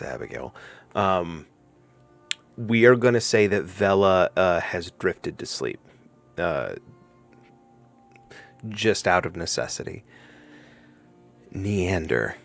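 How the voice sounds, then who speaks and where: Deep-voiced man narrating as game master. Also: animated, slow, vocal fry, pauses often, fairly bright tone, soft background music. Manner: hesitant, many fillers, descriptive.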